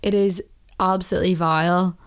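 A woman's voice: lowish voice, steady tone, moderate pace, clean tone. A young woman from Northern Ireland with a Northern Irish accent, chatting casually and with strong opinions, laughing often and sometimes dropping into a whisper. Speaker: vlogger. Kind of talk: casual chat.

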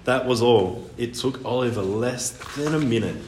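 A man reading a children's storybook aloud in an expressive narrating voice. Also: mid-range voice, normal speed. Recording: echoey room, faint hiss.

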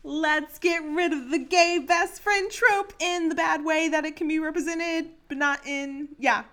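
A woman co-hosting a podcast in casual chat, playful and quick to laugh as she makes up a silly story. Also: high voice, fairly even intonation, a bit bright. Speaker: podcast co-host.

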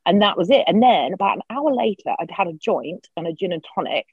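A middle-aged woman, a podcast guest, telling a personal story in lively, candid conversation, swearing freely and acting out her own quotes. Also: on the low side, a little fast, husky, dry recording. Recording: dull lo-fi sound.

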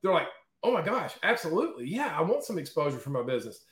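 A man guest in an interview, telling stories in a lively, chatty way and often checking in with "okay?" and "right?". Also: on the high side, fast, reverberant. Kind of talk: casual storytelling in an interview.

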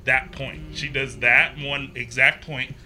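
A young man casually telling a ghost story, animated and acting out the quotes. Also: slow pace, a little hiss or hum. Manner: animated, acts out quotes with pitch jumps.

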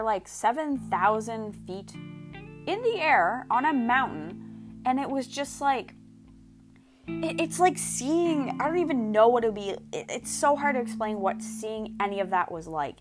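A young Canadian woman chatting casually in a vlog, gushing and excitable, swearing and saying "like" constantly. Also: mid-range voice. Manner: gushing and excitable, swears, fills every phrase with "like". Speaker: vlogger. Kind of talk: casual chat.

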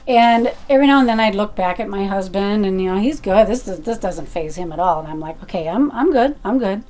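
A middle-aged woman telling a personal story in a chatty, animated way, with fillers and restarts. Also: mid-range voice, brisk.

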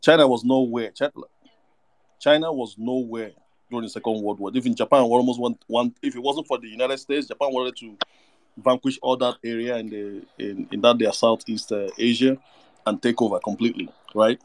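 Halting man in casual chat. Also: medium pitch, fairly even intonation. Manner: halting, repeats words, non-native phrasing.

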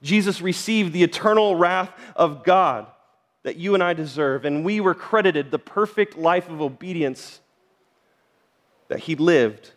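Man, pastor, sermon, middle-aged, earnest, direct, slightly high voice, church reverb. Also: unhurried. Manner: earnest and direct, addressing the congregation.

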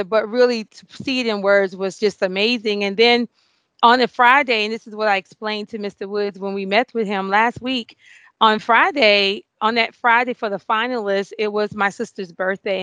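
A woman in her forties, a nurse being interviewed, telling an emotional story with many fillers and excited outbursts. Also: a little high, no room sound. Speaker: award-winning nurse guest.

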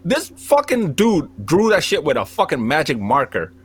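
With a slightly high, breathy voice at a moderate pace, a young Cambodian man entertains friends with a long comic story while faint music plays behind him. He curses nonstop and acts out the dialogue with animation.

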